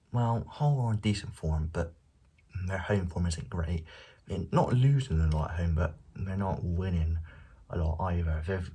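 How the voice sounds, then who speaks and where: A young football vlogger casually gives predictions on his channel, speaking quietly and sometimes almost whispering. His voice sits low with a breathy edge, and he records at home late at night without a dedicated microphone.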